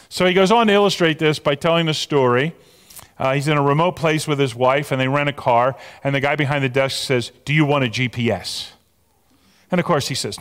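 A man preaching a sermon as pastor, animated, repeating words as he builds to a point. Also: mid-range voice. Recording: long hall reverb.

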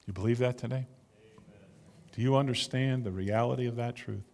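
A male pastor preaching a sermon with drama, dropping to a hush and then building loud. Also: medium pitch, normal speed, long pauses. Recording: long reverb of a large hall.

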